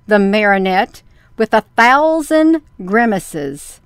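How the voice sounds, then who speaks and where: A woman telling a children's story as storyteller, reading slowly and deliberately. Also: mid-range voice, sing-song, clean tone, dry recording, studio quality.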